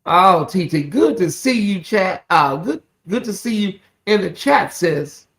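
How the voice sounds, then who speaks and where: A livestream host giving casual gossip commentary, chatting straight to viewers and reading their comments aloud. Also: unhurried. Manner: swings into loud, high exclamations when excited.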